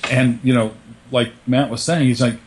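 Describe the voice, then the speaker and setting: A man's voice: medium pitch, fairly even intonation, normal speed. A man, co-hosting a casual podcast chat, rambling with many fillers and restarts. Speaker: podcast co-host.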